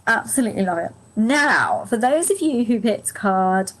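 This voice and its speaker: A woman's voice: on the high side, animated, moderate pace, rough recording. A woman giving a live angel card reading to viewers. She is chatty and gushing, laughs often, talks to viewers by name, and her voice is strained and fading.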